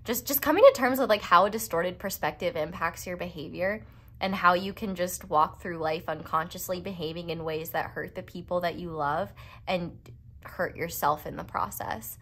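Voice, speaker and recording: Chatty woman tarot reader, low voice. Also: moderate pace, fairly bright tone. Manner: chatty and rambling, full of "like" fillers; playful, self-mocking asides. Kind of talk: casual pick-a-card tarot reading.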